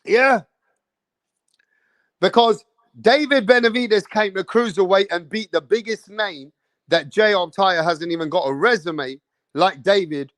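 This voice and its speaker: A high-pitched man holds forth on a casual live stream, brash and profane, taunting rival fans and leaning on "bro" at the end of his lines. He talks slowly and keeps circling back to the same phrases. The sound is dry and close, with no room around it. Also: fairly bright tone, no echo. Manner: repeats phrases, peppered with "bro". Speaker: boxing livestream host. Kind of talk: casual live commentary to a chat.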